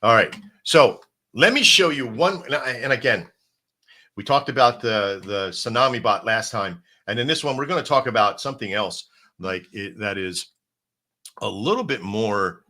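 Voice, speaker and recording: Bright-voiced man giving a rambling pep talk. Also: on the low side. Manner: rambling, coach-like pep talk with frequent restarts; addresses viewers directly as folks and brother. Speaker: crypto stream host. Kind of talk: casual livestream talk.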